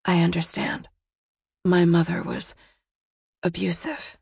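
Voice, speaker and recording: A woman voicing a calm, wary young woman with a dry wit and a low, steady way of speaking, in an audiobook. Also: a little slow, husky, no room sound. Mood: quiet. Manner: low, steady, quiet delivery.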